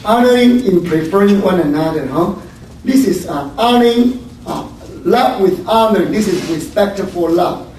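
A man's voice: high-pitched, animated, moderate pace, darkish tone. A man teaching a Bible study sermon, often tagging his sentences with "huh?" and "yeah?" and repeating words as he goes. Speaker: church teacher. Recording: very echoey room, distant mic, faint noise.

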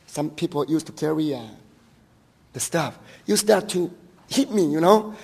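A middle-aged pastor with a Taiwanese accent preaches a sermon, moving from personal stories to emphatic rhetorical questions. His voice is gravelly and dark, with a husky edge. It rings with the long reverb of a hall. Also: a little high, lively intonation, a little slow.

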